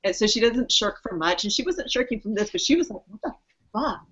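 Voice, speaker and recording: A woman co-hosting a casual podcast, telling a story in an animated way, swearing and laughing as she goes. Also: mid-range voice, fast talker, husky. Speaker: podcast co-host. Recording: muffled lo-fi audio.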